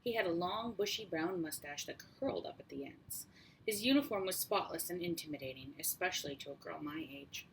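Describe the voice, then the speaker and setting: A woman reads a first-person story in a steady, measured way. Her voice sits on the low side, and a faint hiss runs under the recording. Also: gravelly, poor audio. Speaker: audiobook reader. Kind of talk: first-person audiobook narration.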